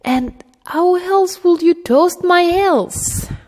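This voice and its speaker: A woman reading an audiobook, voicing a ruthless teenage boy prince who talks soft, menacing and mocking. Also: extremely high pitch, very slow, pitched above the performer's own voice, exaggerated voice. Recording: reverberant room.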